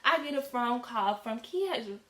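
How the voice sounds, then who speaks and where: Lively teen girl telling a story, echoey room. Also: on the high side, a little slow. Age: teens. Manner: animated, slangy, acts out quoted dialogue. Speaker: vlogger. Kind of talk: casual storytime.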